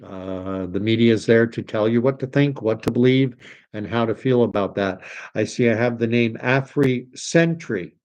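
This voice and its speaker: A man's voice: mid-range voice, moderate pace, a little mellow, muffled recording. A man hosting a livestream, reading viewer comments aloud in a casual, hesitant way with many fillers. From Canada. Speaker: livestream host. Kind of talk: casual live chat reading.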